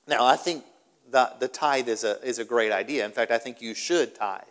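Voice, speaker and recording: A man's voice: mid-range voice, moderate pace, long reverb tail. A male pastor preaching a sermon in an emphatic style, often repeating his words for stress. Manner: animated, repetitive, emphatic.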